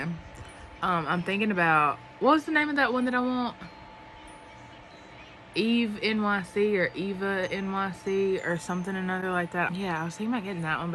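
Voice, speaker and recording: A woman's voice: lowish voice, a bit bright, a little hiss or hum. A young woman, chatting casually to the camera in a rambling way, full of fillers. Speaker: vlogger.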